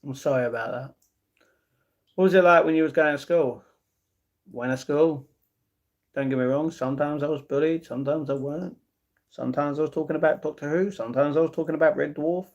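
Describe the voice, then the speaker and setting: Man chatting on a livestream. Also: on the high side. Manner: reads viewer comments aloud and answers them with easygoing replies. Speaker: livestream host. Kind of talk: casual livestream chat.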